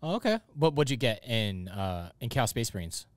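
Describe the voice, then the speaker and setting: A man's voice: mid-range voice, big pitch swings, normal speed, dry recording. A man hosting a casual gaming podcast, giving upbeat, hype-style introductions and teasing his co-hosts. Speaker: show host.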